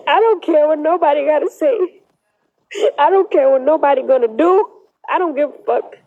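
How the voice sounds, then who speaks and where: High-pitched young woman crying thru a phone live, defiant and repeating herself. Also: moderate pace, narrow, tinny audio. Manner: emphatic, repetitive, defiant. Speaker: social media livestreamer. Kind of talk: emotional livestream monologue.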